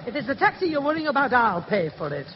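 An actress playing a patient middle-aged mother who reasons calmly with her family. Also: fairly high pitch, fast, slight background noise. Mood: soothing. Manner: soothing, reasoning. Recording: muffled old radio recording.

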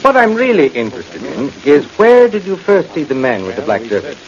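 A man playing a skeptical family doctor in 1940s radio acting, calmly reasoning and probing with questions. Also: medium pitch, a little fast. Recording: dull old radio recording with faint hiss.

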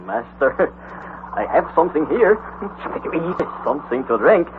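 A humble, loyal guide servant. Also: male voice, on the high side, big pitch swings, moderate pace. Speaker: Hans, the guide. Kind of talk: old radio drama acting. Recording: tinny lo-fi old radio recording with faint hiss.

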